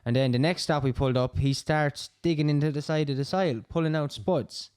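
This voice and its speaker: Rambling Irish man with a smooth voice. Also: a little high, a little fast, darkish tone, no room sound, studio quality. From Ireland. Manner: rambling storyteller, laughs often. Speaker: co-host. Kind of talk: casual pub chat.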